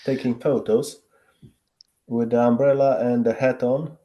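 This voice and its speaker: A man's voice: medium pitch, flat delivery, measured pace, highs cut off. A man learning English, describing a picture with hesitation and searching for words over a video call. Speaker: student.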